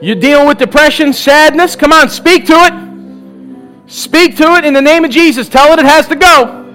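High-voiced preacher exhorting a congregation. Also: male voice, normal speed, sharp tone, soft background music. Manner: exhorting, repetitive "come on" calls, bursts of laughter. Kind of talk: charismatic sermon and altar call. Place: church service with live audience.

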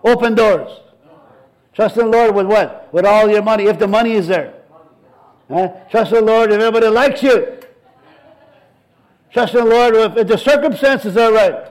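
A middle-aged man with a notably high voice preaches a sermon. He drives his points home with emphatic repetition and climbs in intensity as he goes. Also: moderate pace, pauses often, rough recording. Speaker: pastor.

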